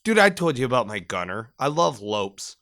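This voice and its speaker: A man in his thirties tells crude, joking service stories in a loose, profane podcast chat. His voice sits at an ordinary middle pitch, and he now and then slips into mimicking the people in his stories. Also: big pitch swings, moderate pace, sharp tone. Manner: profane, joking storyteller who mimics accents. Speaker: podcast co-host, Marine veteran. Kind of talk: casual chat.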